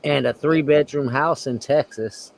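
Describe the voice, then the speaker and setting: A man's voice: medium pitch, measured pace, gravelly. A man in a casual group chat, telling a story in a laid-back way and saying "bro".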